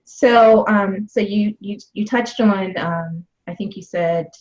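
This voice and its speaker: A woman's voice: mid-range voice, slow, darkish tone. A woman hosting an interview, asking long rambling questions filled with "you know" and "um". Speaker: podcast host. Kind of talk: casual interview. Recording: dull lo-fi sound.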